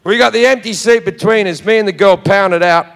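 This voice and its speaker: An Australian man doing stand-up, telling a story in a brash, profane, animated way. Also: high voice, brisk, creaky. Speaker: stand-up comedian. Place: live venue with audience. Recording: echoey hall with crowd noise.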